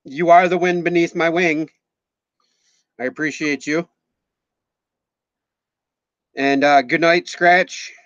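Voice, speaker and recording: A man's voice: a little high, steady tone, slow, long pauses, fairly bright tone, no echo. A man in his forties from Minnesota, with a Minnesotan accent, chatting casually on a live stream, rambling and joking, swearing now and then and thanking viewers by name. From Minnesota, USA. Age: 40s. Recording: slightly muffled, dull sound.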